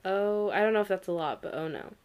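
A woman's voice: mid-range voice, fast, a little mellow. A woman in a casual chat, talking with lots of fillers and reading search results aloud as she goes.

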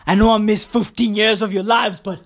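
A woman's voice: mid-range voice, steady tone, normal speed, pitched below the performer's own voice, natural voice. A woman voicing a deadbeat father who returns after years away and talks offhandedly. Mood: breezy.

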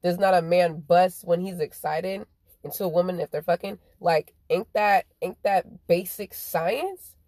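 A woman with a low, darkish voice launches into a profane stream-of-consciousness monologue, swearing constantly. She swings between slowly drawn-out phrases and rapid bursts, recorded dry and close with no room sound or echo.

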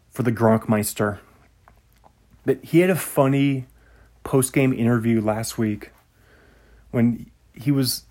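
A man's voice: mid-range voice, a little mellow. A man hosting a casual solo podcast, rambling and easily sidetracked, laughing at himself.

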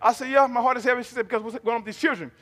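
A man with a very high-pitched, steady, somewhat bright voice preaches rapid-fire as pastor in a church sanctuary, the recording carrying the long reverb of a large hall. In an emphatic, rhythmic manner, he calls on the congregation to repeat his lines back in a call-and-response sermon.

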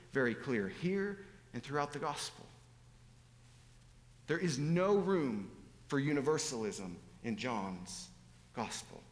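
A man preaching a sermon, animated and emphatic, swinging between loud exclamations and hushed asides. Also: mid-range voice, long reverb tail.

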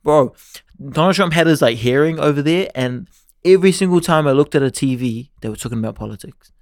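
A young man in casual, animated banter with a friend. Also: fairly high pitch, a little fast, no room sound, studio quality. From New Zealand. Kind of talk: casual chat.

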